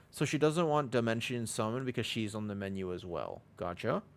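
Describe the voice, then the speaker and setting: A man streaming a game, chatting casually with viewers in a rambling way. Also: mid-range voice. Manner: rambling, lots of "like" fillers. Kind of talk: casual livestream chat.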